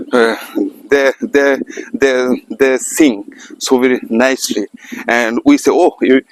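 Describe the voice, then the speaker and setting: Halting Indian-accented man practicing English. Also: mid-range voice, no room sound, poor audio. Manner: halting, searching for words, many restarts. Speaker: English learner practicing speaking. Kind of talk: unscripted practice monologue.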